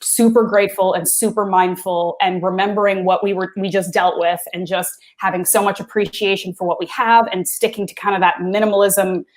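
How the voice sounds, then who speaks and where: A woman's voice: medium pitch, fairly even intonation, a little fast, hardly any pauses. A woman co-hosting a podcast, chatting casually with many filler words. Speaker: podcast co-host.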